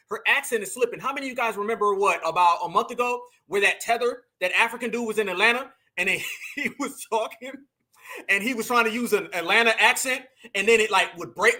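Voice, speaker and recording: A man with a Southern US accent hosting a livestream, talking straight to his audience in animated casual commentary. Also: high-pitched, quick pace. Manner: animated, addresses audience as fam and y'all. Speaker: livestream host.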